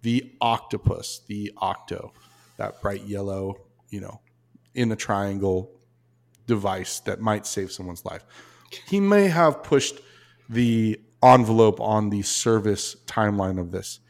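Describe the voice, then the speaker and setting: A man hosting a podcast, telling stories in a relaxed, rambling way. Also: lowish voice, slow, creaky. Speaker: podcast host. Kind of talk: casual storytelling chat.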